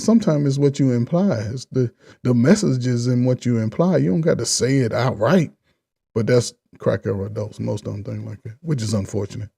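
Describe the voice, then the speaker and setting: A man giving blunt, animated reaction commentary on a dating show clip, talking in casual slang. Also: medium pitch, creaky.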